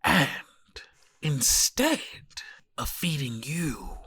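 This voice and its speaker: A man voicing a menacing female spider creature, speaking in a hushed whisper. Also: on the high side, very animated, very slow, husky, no echo, full character voice.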